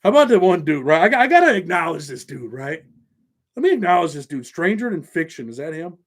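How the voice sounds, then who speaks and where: This livestream host speaks fairly quickly in a sing-song voice on the high side, chatting loosely and thanking viewers by name. He's a middle-aged New Yorker whose American accent has a Southern tinge.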